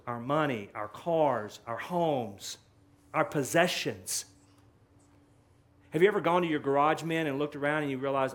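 A male pastor preaching an animated sermon, acting out quotes with rising and falling emphasis. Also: a little high.

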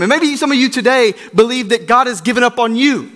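High, bright-voiced male preacher. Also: expressive, brisk, few pauses, long reverb tail. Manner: emphatic and repetitive, speaks to the congregation. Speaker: pastor. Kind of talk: sermon.

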